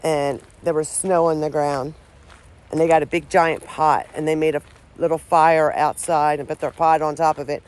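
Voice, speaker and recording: Speaking at a normal speed in a low, level voice with a darkish tone, a paranormal vlogger chats to her camera among the trees. Her talk is casual and rambling, often hesitant, with many restarted sentences.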